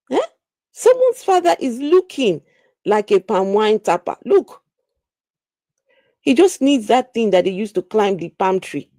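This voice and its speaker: A woman hosting a casual livestream chat, animated and exclaiming as she reads viewer comments aloud. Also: mid-range voice, no room sound, clean studio sound. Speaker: channel host.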